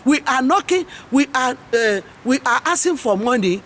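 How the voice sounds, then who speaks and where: A woman's voice: high-pitched, animated, moderate pace, fairly bright tone. A middle-aged woman with a Nigerian English accent, hosting an impassioned, rambling monologue full of preachy, repeated slogans. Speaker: host and farmers' advocate.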